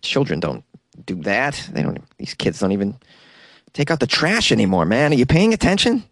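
A man's voice: mid-range voice, wildly swooping pitch, moderate pace, no room sound. A young man with a Boston accent hosting a solo podcast from a small closet studio, joking and self-deprecating with frequent laughs. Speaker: podcast host. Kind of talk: casual solo podcast chat.

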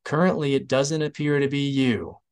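A man's voice: medium pitch, fairly even intonation, moderate pace, smooth, pitched above the performer's own voice, natural voice. Man voicing a dry, cutting Imperial major.

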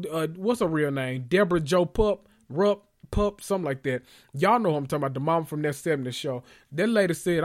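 Man, casual TV recap host, animated, swears a lot, slightly high voice. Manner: animated, profane, joking asides. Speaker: podcast host recapping a TV episode. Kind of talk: casual chat.

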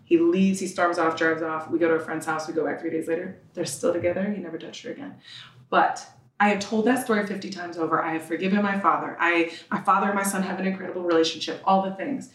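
Captured by a distant mic with a roomy sound, a podcast guest in her thirties shares a raw, emotional story from her life. Her fairly low voice keeps a steady tone at a quick pace, and she performs the voices in the exchanges she describes.

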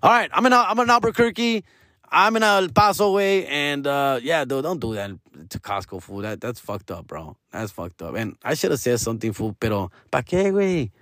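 A man's voice: a little high, lively intonation, normal speed, fairly bright tone, no echo, studio quality. A man, a comedian, ranting casually, slangy and profane, slipping Spanish into his talk. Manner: slangy, profane, mixes Spanish, calls listener fool. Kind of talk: casual rant.

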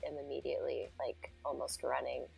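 Woman player in a tabletop game, really deep voice with lots of fry, chatty. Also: little pitch movement, a little fast, a little mellow, soft background music, low-quality recording. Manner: casual, with many fillers. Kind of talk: describing her character's actions in a tabletop game.

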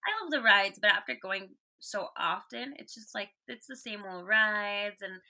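A woman's voice: mid-range voice, animated, unhurried, bright, forceful tone. A woman guest on a podcast, chatting casually and rambling with lots of "like"s. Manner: rambling, many "like"s. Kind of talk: casual chat.

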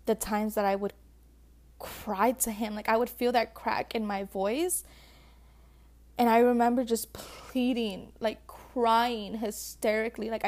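Chatty young-sounding woman, somewhat high voice. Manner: chatty, emotional, calls viewers sis and babe, many likes. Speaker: vlogger giving relationship advice. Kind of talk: casual heartfelt talk to viewers.

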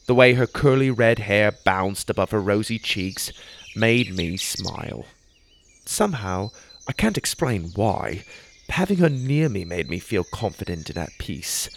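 A man narrating a story in the first person, reading in an expressive, animated way. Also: lowish voice, unhurried, a little hiss or hum.

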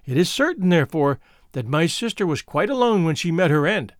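A man reading the part of a frightened young woman who recounts her twin sister's death, in an earnest, measured storybook telling. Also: a little high, very animated, no echo, studio quality. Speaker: audiobook reader.

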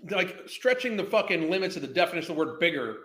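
Hosting a reaction show, a man rants at a clip with angry mockery and nonstop swearing. He talks quickly and animatedly in a fairly bright voice that sits high, recorded in an echoey room.

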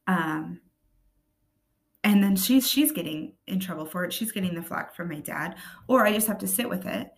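A woman with a raspy voice hosting a podcast, talking earnestly and often checking in with her listeners. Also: fairly low pitch, moderate pace. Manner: earnest, checks in with tag questions like "right?" and "okay?". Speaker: podcast host. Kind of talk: casual podcast monologue.

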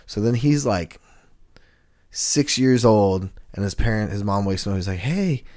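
Man, low voice, casual podcast storytelling, animated, lots of fillers. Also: normal speed. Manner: animated storyteller, heavy use of "like". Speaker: podcast co-host.

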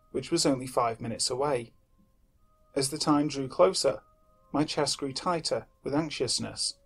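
A man narrating a horror story in a measured, somber way. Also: a little high, husky.

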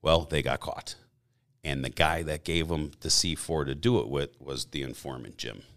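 A middle-aged man telling stories as a podcast guest in a casual, rambling way, often clearing his throat. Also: rumbling low, normal speed, a bit bright. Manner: rambling, frequent throat clearing, acts out quoted dialogue. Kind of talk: casual storytelling.

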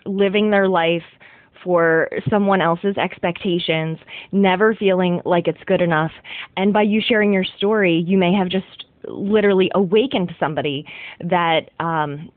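A woman podcast host asking questions in an unhurried, affirming way, with plenty of fillers. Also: lowish voice, dry recording. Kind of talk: interview questions. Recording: dry tinny phone-like line.

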